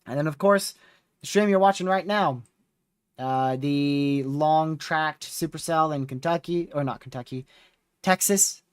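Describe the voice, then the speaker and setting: This storm chaser's voice is a little high, smooth, and a little slow, captured in studio quality with no echo. Worn out and yawning, he hosts a weather livestream and casually meanders through a recap of previous days, dropping plenty of fillers.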